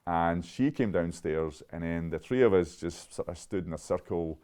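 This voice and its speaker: A man in his fifties, a chemist giving an interview, telling stories in a lively, laughing way with frequent restarts. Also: low-pitched, moderate pace, clean tone. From Scotland. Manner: animated, laughing often, restarts mid-sentence. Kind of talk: conversational interview storytelling.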